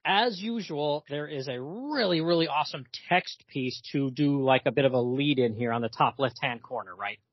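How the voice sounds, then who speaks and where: A man's voice: medium pitch, moderate pace, few pauses, husky, dry recording, muffled recording. A man co-hosting a comics podcast in casual chat, talking in a hesitant, chatty way with many fillers.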